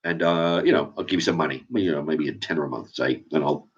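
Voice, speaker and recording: A man's voice: a bass voice, quick pace, breathy edge. A man ranting casually to camera as a vlogger, swearing often and stumbling over restarts. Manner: profane, rambling, with stammered restarts. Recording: dull lo-fi sound.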